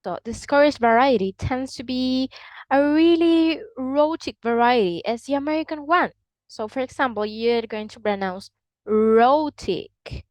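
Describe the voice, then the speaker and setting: A woman's voice: high-pitched, unhurried, a little mellow, no room sound, rough recording. A woman explaining English accents in a lesson, with slightly non-standard phrasing. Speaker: English teacher.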